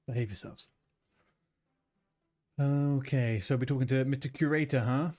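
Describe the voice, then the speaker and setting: A man streaming a video game, talking in a loose, joking and rambling way as he reads the on-screen text aloud. His pitch sits in the middle. Faint background music runs under his voice. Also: steady tone, moderate pace, long pauses, darkish tone. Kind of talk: casual gameplay chat.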